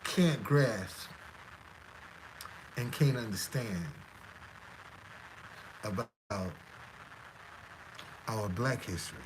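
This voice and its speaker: A man's voice: on the low side, extremely slow, pauses often, noisy background. A man hosting a live stream, talking to his audience in a stammering, repetitive, defiant way. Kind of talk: casual live-stream monologue.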